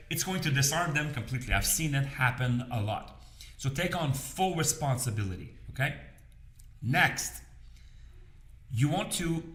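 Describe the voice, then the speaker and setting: A man's voice: medium pitch, sharp tone, reverberant. A man coaching business owners in a casual, conversational way, often checking in with his listeners. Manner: conversational, repeats phrases, checks in with "okay?" and "you understand?". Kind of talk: casual advice talk to camera.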